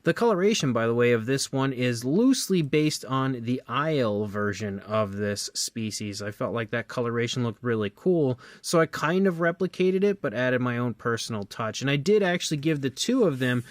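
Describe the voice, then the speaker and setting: Dude doing a chatty toy review, middle pitch, dry close sound, lots of "kind of" and "again". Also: male voice, lively intonation, normal speed, few pauses, dry recording. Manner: upbeat, chatty, frequent fillers like "again" and "kind of". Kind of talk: casual product review.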